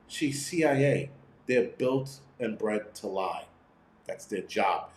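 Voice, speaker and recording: A man's voice: a little high, big pitch swings, normal speed, darkish tone, roomy sound, a little hiss or hum. A middle-aged man hosting a prepping channel, talking in a profane, blunt, rambling livestream rant from home. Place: room at home.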